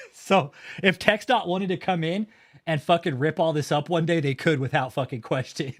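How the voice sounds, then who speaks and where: A man's voice: fairly high pitch, fairly bright tone. A man livestreaming outdoors by a road, talking casually in a blunt, profane, mocking way.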